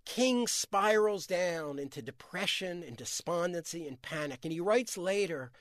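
A man's voice: sits high, animated, measured pace, few pauses, no room sound, studio quality. A man, an author answering interview questions, telling history earnestly with frequent restarts.

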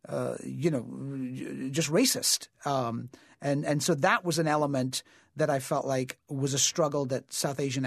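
A man's voice: mid-range voice, vocal fry, dry recording, clean studio sound. A man, an actor, talking casually in an interview and telling stories in a reflective way, with frequent fillers and restarts. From United States. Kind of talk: conversational interview storytelling.

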